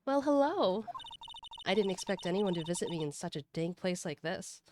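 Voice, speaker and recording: A woman's voice: fairly low pitch, animated, normal speed, background noise, natural voice. A woman voicing a sly young female witness whose sweet facade has dropped, taunting and mocking.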